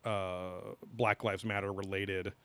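A man's voice: deep voice, little pitch movement, takes it slowly, fairly bright tone, clean tone. A man co-hosting a podcast in casual chat, rambling with lots of fillers and offhand swearing. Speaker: podcast co-host.

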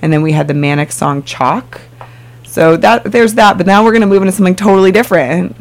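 A man hosting a music radio show from a studio, talking in a chatty, bubbly way and quick to laugh. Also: high voice, vocal fry. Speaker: radio DJ host. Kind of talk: casual radio chat.

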